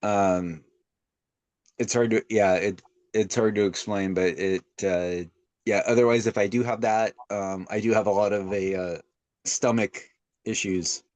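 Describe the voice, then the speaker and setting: A young man talks in a loose, rambling way, circling back and restarting his sentences as he chats. His voice sits a little low and the sound is dry and close, with no room around it. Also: fairly even intonation, a little slow, darkish tone, no echo. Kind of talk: casual chat.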